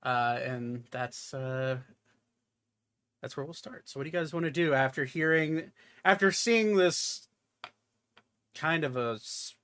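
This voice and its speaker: Man running a tabletop game, halting. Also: a little high, a bit bright. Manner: halting, with many filler sounds and restarts. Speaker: game master.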